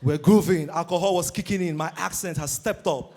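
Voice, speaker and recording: A Nigerian man doing stand-up comedy, energetic and shouting his punchlines. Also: on the high side, fairly quick.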